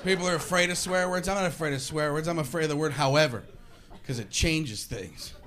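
A man's voice: a little high, fairly quick, crowd noise. A man performing a stand-up comedy set, ranting animatedly and slipping into voices. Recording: live stage audio with noise.

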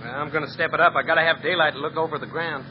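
A man's voice: a little high, fairly even intonation, racing, natural voice. Man as a folksy stunt driver, drawling, old radio play. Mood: easygoing. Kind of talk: 1950s radio drama acting. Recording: muffled old radio recording with hiss.

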